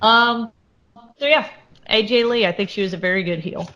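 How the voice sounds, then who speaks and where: A woman's voice: medium pitch, normal speed, pushed and bright, highs cut off. A woman co-hosting a podcast, talking casually in a rambling way with many restarts. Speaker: podcast co-host. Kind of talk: casual chat.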